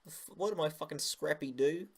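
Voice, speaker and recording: A man's voice: fairly high pitch, fairly quick. A young man making a casual vlog, rambling and joking with lots of swearing. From United Kingdom. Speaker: YouTuber.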